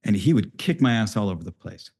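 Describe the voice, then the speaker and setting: A man's voice: fairly low pitch, animated, fast, darkish tone, slightly rough. A man hosting a podcast, telling a story casually and loosely. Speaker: podcast host. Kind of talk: conversational interview.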